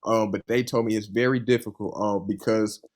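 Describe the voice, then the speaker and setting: This young adult, a funded trader, is interviewed and chats in an easygoing, sincere way, drifting through anecdotes full of "you know" and "man." His lowish, somewhat dark voice stays steady in tone and moves a little fast. Enthusiasm and earnestness come through clearly.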